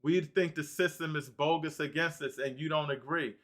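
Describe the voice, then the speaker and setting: Emotional male host of a live talk stream; bright, fairly high voice, emphatic, repeats his words. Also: steady tone, normal speed. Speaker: livestream host. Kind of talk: heated live panel discussion.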